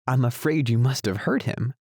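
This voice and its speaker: A man's voice: medium pitch, lively intonation, moderate pace, darkish tone, breathy edge, no room sound, studio quality, pitched above the performer's own voice. A man reading an audiobook, voicing a polite, curious young girl who asks earnest questions. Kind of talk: audiobook character voice.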